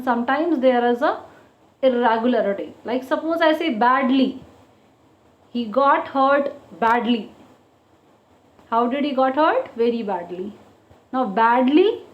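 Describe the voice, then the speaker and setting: A woman teacher with a high voice works slowly through a grammar lesson, repeating each point and asking "okay?" as she goes. The recording is dull and lo-fi, with an echoey room around her. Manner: slow, drawn-out explanations, repeating each point and checking with "okay?". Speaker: school teacher.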